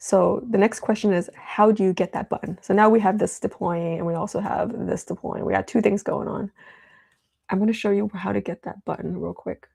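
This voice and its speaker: A young woman hosting a live stream, chatting casually and rambling with many fillers as she demos software. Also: mid-range voice, fairly even intonation, a little fast, vocal fry, breathy edge. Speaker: livestream host.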